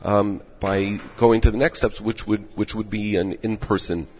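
A man who directs rabbinic placement, giving measured advice in an interview while losing his voice. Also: fairly low pitch, steady tone, a little hiss or hum. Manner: measured, advising. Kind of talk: explanatory interview answers. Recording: echoey dull room audio.

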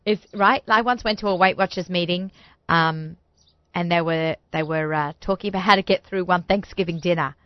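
A woman's voice: lowish voice, normal speed, no room sound, highs cut off. A woman hosting a studio talk show, chatty and bubbly, often talking over her guests. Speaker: host.

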